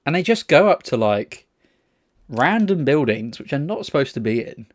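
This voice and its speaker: A man's voice: mid-range voice, big pitch swings, normal speed, dry recording. Male co-host from England, casual anecdotal delivery, swears, dry sound. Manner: chatty anecdotes with swearing and laughter. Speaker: podcast co-host. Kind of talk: casual chat.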